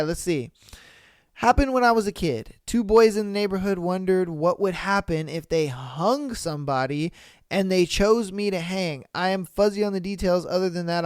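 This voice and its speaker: A young man with a high, smooth voice reads stories aloud on his podcast and reacts with loud, animated, swearing exclamations. He is recorded dry and close to the mic. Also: dry recording. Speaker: podcast host.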